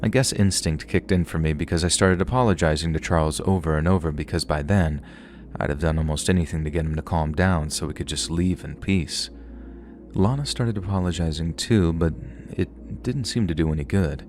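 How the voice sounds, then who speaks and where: A very deep male voice reads a horror story aloud in a calm, steady way. Faint hiss sits underneath the recording. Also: a little fast. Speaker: narrator. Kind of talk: scripted horror story narration.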